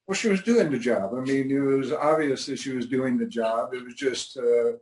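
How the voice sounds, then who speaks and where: An older man, a comic creator guest, telling stories in a dry, matter-of-fact way with hesitant pauses. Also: medium pitch, darkish tone, a little hiss or hum, rough recording. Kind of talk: relaxed interview talk.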